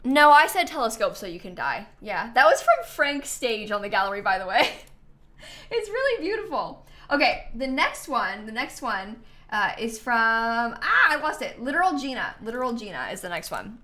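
A woman's voice: on the high side, very animated, moderate pace, sharp tone. A young adult woman giving casual, enthusiastic live-stream commentary as she tours viewers' builds, chatty, often trailing off and repeating herself.

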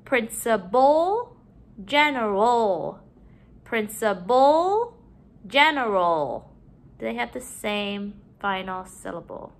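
A woman teaching a phonics lesson to young children at home, drawing out each word slowly and clearly. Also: a little high, very animated. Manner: slow, drawn-out modeling of words, bright sing-song emphasis.

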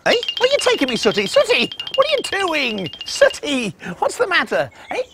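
A man's voice: very high voice, wildly swooping pitch, fairly quick, few pauses, heavy background noise. A middle-aged man presenting a children's TV show, playful and teasing with puppets. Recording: music bed behind the voice. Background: music.

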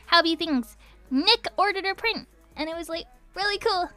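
A woman's voice: very high-pitched, normal speed, pushed and bright, no room sound. A woman with an Irish accent, a voice actress chatting casually and giggling on a livestream while signing autographs at home. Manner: chatty and giggly, muses aloud while writing. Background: faint background music.

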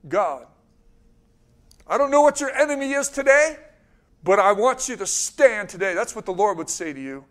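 Fervent high-voiced preacher. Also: male voice, big pitch swings, normal speed, fairly bright tone. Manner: repetitive, urgent preaching with emphatic calls; reads scripture with swelling emphasis. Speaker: pastor. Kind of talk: sermon.

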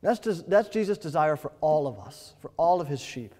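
A male pastor with a high voice delivers a sermon in a relaxed, conversational storytelling style. His words ring out into a sanctuary with a long reverb tail, and his emphasis swells in waves. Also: normal speed. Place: church sanctuary.

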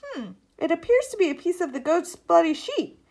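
A woman voicing a clever young girl detective in a storybook reading, brisk and matter-of-fact. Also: very high voice, big pitch swings, a little mellow, voice pushed up, heavily acted. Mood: analytical.

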